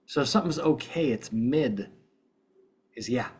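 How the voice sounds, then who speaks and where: A man's voice: medium pitch, big pitch swings, takes it slowly, long pauses, slightly rough. A middle-aged American man hosting a podcast in casual chat, groggy from just waking up, rambling and chatty with many restarts. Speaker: podcast host.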